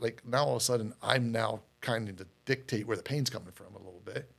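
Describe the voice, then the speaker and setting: A middle-aged man with a low, gravelly voice, speaking as an interview guest. He tells his story candidly and loosely, restarting sentences and repeating words as he goes. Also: fast talker, fairly bright tone. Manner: rambling, repeats words, many fillers. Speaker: podcast guest.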